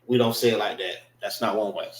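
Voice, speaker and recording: A man's voice: fairly low pitch, fairly even intonation, roomy sound. A man teaching a casual vocabulary class, repeating words and checking in with his listeners. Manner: slow, repetitive, checks in with listeners.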